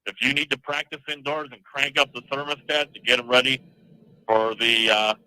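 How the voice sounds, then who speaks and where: A man calling in to a sports show, speaking calmly and easygoingly with some hesitation. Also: medium pitch, moderate pace, clear, resonant tone, rough recording. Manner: calm, easygoing, hesitant with fillers. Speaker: caller. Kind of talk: phone-in chat.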